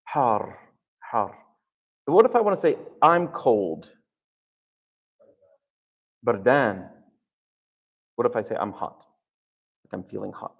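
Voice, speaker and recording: A man's voice: medium pitch, sing-song, slow, gravelly, long pauses, slightly rough, lo-fi sound. A man lecturing a seminar class on Arabic and scripture, quizzing his listeners with questions as he goes. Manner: engaging, quizzes the audience with questions.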